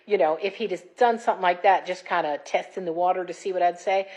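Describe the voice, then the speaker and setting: A woman's voice: lowish voice, fast talker, low-quality recording. Chatty woman in her fifties. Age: 50s. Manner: chatty, candid, animated retelling. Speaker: dating vlogger. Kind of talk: casual storytelling.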